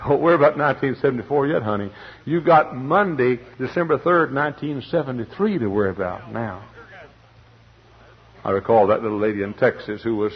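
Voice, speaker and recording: A man's voice: mid-range voice, normal speed, breathy edge. Man preaching, muffled old radio recording. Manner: dramatic preaching, swings from loud to hushed. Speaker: pastor. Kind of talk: sermon.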